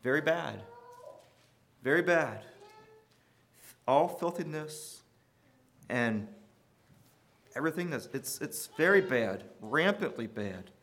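A man preaching a sermon in an earnest way, repeating key phrases and swinging between loud emphasis and quiet, hushed lines. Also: on the high side, animated, slow, long pauses. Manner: earnest preaching with sudden rises and quiet drops. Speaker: pastor.

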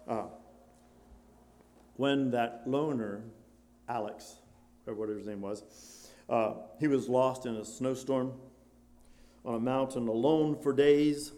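A man preaching a sermon, switching between loud exclamations and quiet, hushed storytelling, with many questions put to his listeners. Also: medium pitch, fairly even intonation, slow pace, long pauses. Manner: rhetorical questions to the congregation.

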